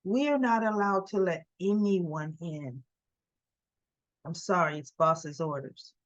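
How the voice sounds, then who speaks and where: A woman voicing a male bodyguard who apologetically refuses someone entry, speaking low and quietly. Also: slow, dry recording. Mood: apologetic. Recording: dull dry sound.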